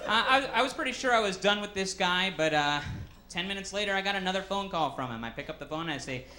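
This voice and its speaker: A man's voice: high voice, animated, quick pace, pushed and bright, slight background noise. A man doing a stand-up comedy set on stage, telling stories with many fillers. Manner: storytelling with frequent fillers.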